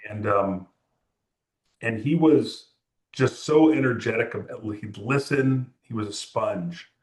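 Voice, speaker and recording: A male music photographer from California, an interview guest, rambles through anecdotes with quoted dialogue in relaxed storytelling. His medium-pitched voice is a little mellow and slow, and the recording has a roomy echo.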